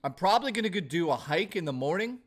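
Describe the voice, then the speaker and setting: A man's voice: high voice, expressive, fast. A man hosting a casual live stream, rambling and thanking viewers, his voice strained and fading. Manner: rambling, thanks chat by name. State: losing his voice.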